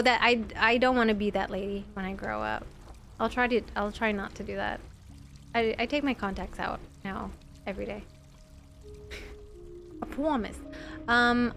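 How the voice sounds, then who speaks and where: A woman's voice: a little high, fairly bright tone. A young adult woman giving casual, chatty let's-play commentary, giggling often and filling her talk with "like". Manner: chatty and giggly, full of "like" fillers. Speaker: video game streamer.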